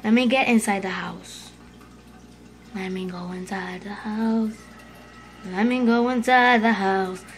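A female host giving casual commentary over her gameplay, excitable, yelping and urging herself on, dropping to hushed whispers when scared. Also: medium pitch. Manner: excitable, yelps and shrieks, fast repeated urging. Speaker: gaming video host.

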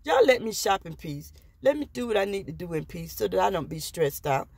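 A woman's voice: lowish voice, sing-song, brisk, creaky, a little mellow, breathy edge. A woman vlogger speaks straight into the camera in an impassioned rant. She is blunt and profane, mixing defiance with wry jokes. The sound is dry, with no room echo. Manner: defiant and joking by turns.

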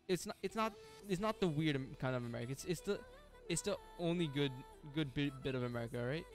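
A young man streams a game live in a fairly high, expressive voice, talking fast over faint background music. His casual chat with viewers is packed with slang, frequent laughs, and restarts.

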